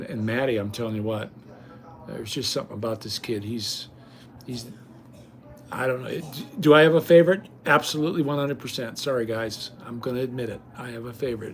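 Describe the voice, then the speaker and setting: An older man talks straight to his viewers in a loose, folksy ramble, often tripping over his words and starting sentences again. His voice sits at an ordinary middle pitch. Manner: folksy, rambling, frequent restarts and stammers. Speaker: vlogger. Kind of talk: casual rambling chat to viewers.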